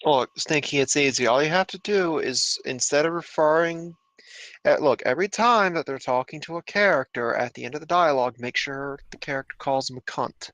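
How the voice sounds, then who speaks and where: A man's voice: a little high, brisk, fairly bright tone, no echo, rough recording. A man co-hosting, bantering in a crude, exasperated joking way. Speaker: co-host. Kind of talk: casual comedic banter.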